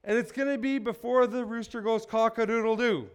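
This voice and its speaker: A calm teacher who speaks gently and plainly, as a preacher acts him out. His voice sits fairly high for a man. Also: a little fast, clean tone. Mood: foretelling. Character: calm foretelling adult male teacher.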